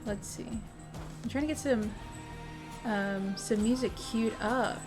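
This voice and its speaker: A young woman hosts a livestream from her home setup, chatting with viewers in a bubbly, casual way, greeting them by name and swearing now and then. Her voice is fairly high and slow, with faint music in the background.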